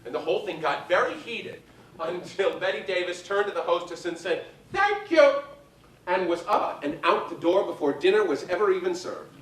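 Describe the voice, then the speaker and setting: A man performing a one-man show, telling gossipy stories on a live theater stage in a lively, theatrical manner. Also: high-pitched, a little fast. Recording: echoey theater from far off.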